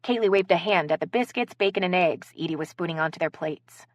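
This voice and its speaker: A woman's voice: fairly quick, dry recording, clean studio sound. A woman reading a contemporary romance audiobook aloud, narrating and voicing the characters' dialogue. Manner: shifts pitch and pace for each character's lines.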